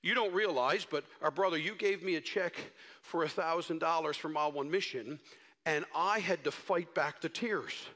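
A male pastor preaching a sermon in a dramatic, expressive way. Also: a little high, normal speed. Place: church sanctuary. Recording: echoey church hall.

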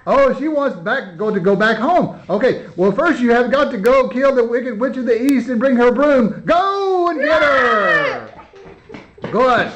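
High-voiced man coaxing kids through a play. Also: moderate pace, hardly any pauses. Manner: coaxing, encouraging, repeating praise. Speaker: director and narrator of a children's home play. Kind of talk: coaching children through a rehearsal while filming. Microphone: handheld camera mic. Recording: slightly dull lo-fi camera audio with faint noise.

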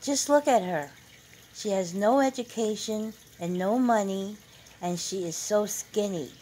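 A woman's voice: medium pitch, unhurried, warm tone, slight background noise, natural voice, poor audio. A woman reading aloud, voicing a proud and bossy older mother who boasts about her son. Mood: scolding. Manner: boastful, emphatic.

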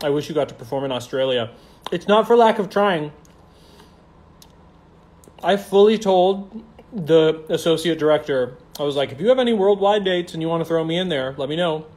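A young man with a slightly high voice chats loosely into a phone held at arm's length. He reads viewers' comments aloud and answers them with sassy, campy slang. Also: expressive, moderate pace, a little mellow. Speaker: stage actor hosting a livestream. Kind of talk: casual livestream chat reading comments.

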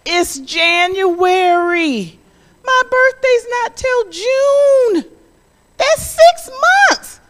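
A woman's voice: very high voice, lively intonation, extremely slow, fairly bright tone, slight background noise, pitched above the performer's own voice, heavily acted. A woman voicing a young girl who keeps begging her mother for a phone, in a whiny, insistent way. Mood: pleading.

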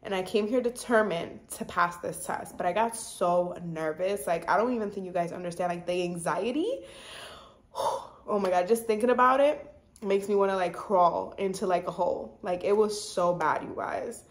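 A woman in her twenties chatting casually to her viewers, saying "like" constantly and drifting from topic to topic. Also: lowish voice. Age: 20s. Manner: chatty, says "like" a lot, sidetracks; warm and confiding, fast talking. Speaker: vlogger. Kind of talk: casual chat to camera.

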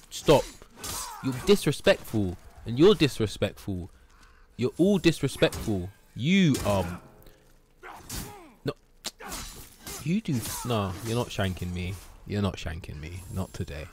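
A man streaming a video game live, chatting casually, swearing, shouting at the game and teasing his cat. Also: on the low side, slight background noise.

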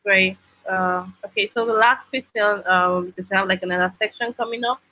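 A woman's voice: medium pitch, fairly even intonation, normal speed, pushed and bright, rough recording. A woman moderating a panel, asking questions in a hesitant way with fillers. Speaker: session moderator.

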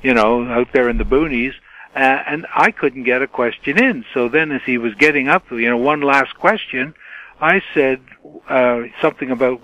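A man's voice: mid-range voice, moderate pace, no echo, dull audio. Older man telling reporter anecdotes. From Canada. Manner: animated anecdotes with many fillers, mimics his own shouted questions. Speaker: retired TV journalist, guest. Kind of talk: storytelling in a podcast interview. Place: home den.

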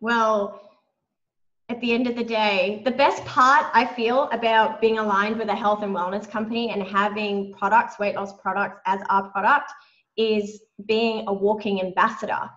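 A woman's voice: mid-range voice, fairly even intonation, normal speed, a bit bright. Chatty woman on a muffled video call. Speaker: guest. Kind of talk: casual chat on a team video call.

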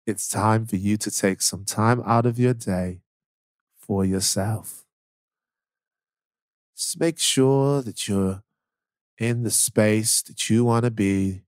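A soothing male meditation guide in a whispered role-play, as a man puts him on. The voice drops low and stretches every phrase slowly. The sound is dry and close. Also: no echo. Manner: slow, low, soft-spoken guided meditation delivery.

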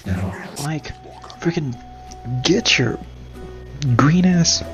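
A stern, gruff father figure, as a man puts him on, scolds in a slow, deep drawl. Faint game music runs behind him. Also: expressive, a bit bright, dull audio, exaggerated voice. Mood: scolding. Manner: scolding and bossy.

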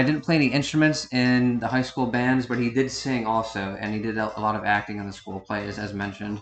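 A man's voice: medium pitch, fairly bright tone, roomy sound. A man in his thirties from upstate New York giving a rambling, self-correcting DVD-style commentary. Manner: meandering, self-correcting, unhurried. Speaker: video commentator.

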